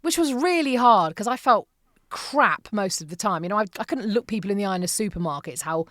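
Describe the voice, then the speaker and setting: Animated British woman telling stories. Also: mid-range voice, quick pace, dry recording, studio quality. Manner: animated storyteller who acts out quoted voices. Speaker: guest, broadcaster. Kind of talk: casual interview chat.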